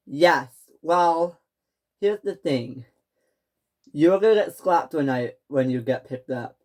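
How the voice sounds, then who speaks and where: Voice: mid-range voice, expressive, slow pace, darkish tone. A young storyteller voicing a sly, gloating male diesel engine villain in a homemade toy-train story, taunting and smug.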